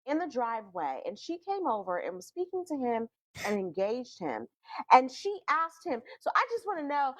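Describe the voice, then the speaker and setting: A woman on a movie review panel talking in casual, emphatic chat, stammering when she gets excited. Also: sits high, moderate pace.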